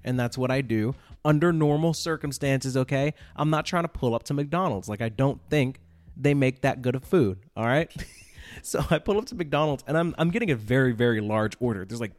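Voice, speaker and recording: A man hosting a podcast, telling a casual story in a rambling, animated way, full of fillers and checks like "all right?". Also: mid-range voice. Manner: animated, exaggerated retelling. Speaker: podcast host.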